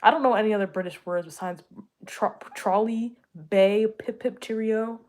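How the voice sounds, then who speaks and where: A woman's voice: mid-range voice, moderate pace, a little mellow. A young woman from the United States chatting casually with viewers, rambling and correcting herself, with frequent jokes. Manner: rambling, self-correcting, jokey, with laughs. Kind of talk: casual chat answering viewers.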